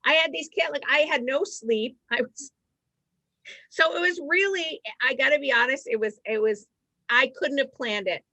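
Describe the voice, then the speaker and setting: Bright, animated woman comic from Massachusetts. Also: high voice, dry recording. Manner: rambling, animated storyteller with quick asides. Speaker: stand-up comedian guest. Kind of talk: casual storytelling chat. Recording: dry, slightly dull sound.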